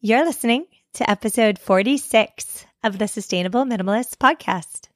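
A woman hosting a podcast, hoarse from a cold, with an upbeat, emphatic delivery. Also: a little high, moderate pace, dry recording, clean studio sound. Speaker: podcast host.

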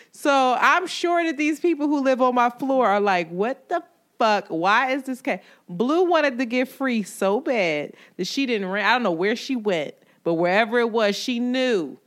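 A woman's voice: fairly high pitch, fairly bright tone. A woman co-hosting a casual chat podcast. She tells stories with lots of energy, swears freely and laughs often. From New York. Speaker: podcast co-host.

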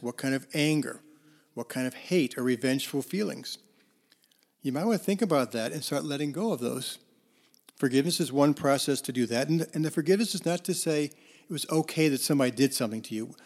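A man's voice: mid-range voice, a little mellow. A male counselor telling parables in a conversational talk, with fillers and restarts. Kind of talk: storytelling talk on forgiveness.

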